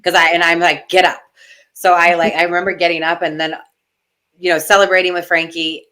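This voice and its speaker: A woman's voice: lowish voice, level tone, a little fast, sharp tone. A middle-aged woman talking in a casual interview, emotional and gushing, close to tears at times. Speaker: guest, retired wrestler.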